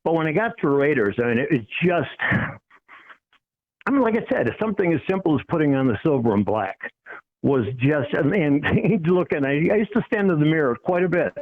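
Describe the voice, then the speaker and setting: A middle-aged man from Cleveland on a call-in line, his voice sitting a little high for a man. He tells stories in a loose, self-mocking way, laughing often. The audio is dull and muffled. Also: lively intonation, a little fast. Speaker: guest, former pro football player. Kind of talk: casual call-in chat.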